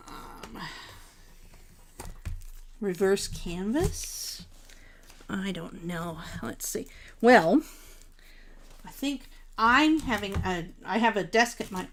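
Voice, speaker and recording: A woman's voice: medium pitch, lively intonation, slow, pauses often, slight background noise. A woman hosting a live crafting stream, chatting casually with viewers, gushing over supplies and laughing at herself. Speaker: craft livestream host.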